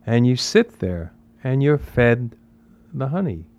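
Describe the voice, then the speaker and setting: A man's voice: medium pitch, very animated, slow, a little mellow. A man giving a spiritual talk in a conversational, emphatic way, repeating phrases and asking rhetorical questions. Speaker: spiritual teacher.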